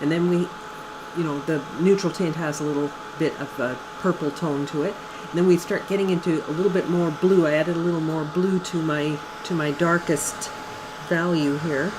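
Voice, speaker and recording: Middle-aged woman, art teacher demoing watercolor, low-ish voice, easygoing and chatty, light room noise. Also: normal speed. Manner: relaxed and chatty, thinks aloud with fillers. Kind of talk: casual painting demonstration.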